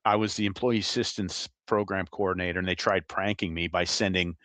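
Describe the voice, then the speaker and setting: A middle-aged man with a low voice tells lively, laughing stories from his career. He sounds close to the mic, with a dry sound and no room echo. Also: brisk. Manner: animated, laughing anecdotes. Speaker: retired FBI agent, guest. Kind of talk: casual storytelling interview.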